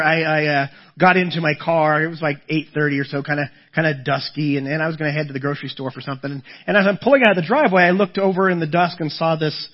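A man's voice: fairly high pitch, lo-fi sound. A middle-aged man preaching a sermon as a pastor, telling stories with acted-out voices and often repeating words as he starts a thought. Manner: storytelling with lively acted-out voices.

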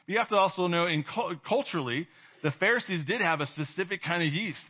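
A man's voice: high-pitched, quick pace, slightly rough. A man preaching a conversational sermon. He keeps checking in with "right?", laughs now and then and acts out quoted voices. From California. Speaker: pastor. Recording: dull lo-fi sermon audio.

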